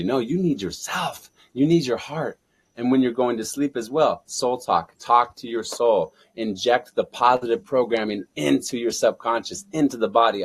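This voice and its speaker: A man's voice: medium pitch, moderate pace, husky. A man speaking as a guest on an interview show, fervent and preaching, with repeated affirmations. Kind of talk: motivational interview talk.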